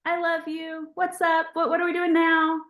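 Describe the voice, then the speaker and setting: A woman voicing her excited, adoring male pet dog in an eager, bubbly, high put-on voice, recorded in an echoey room. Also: moderate pace.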